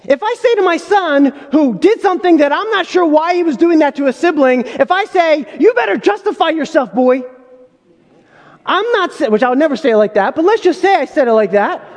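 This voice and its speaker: Male pastor with a very high voice and an emphatic sermon delivery, recorded in a big reverberant hall. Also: expressive, fast talker, hardly any pauses. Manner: emphatic, full of rhetorical questions.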